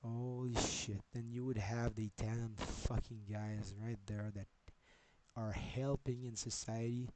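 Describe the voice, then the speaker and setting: A man's voice: mid-range voice, little pitch movement, a little slow, a little mellow, slight background noise. A man live-streaming, talking in a rambling way, swearing and jumping between topics as he goes.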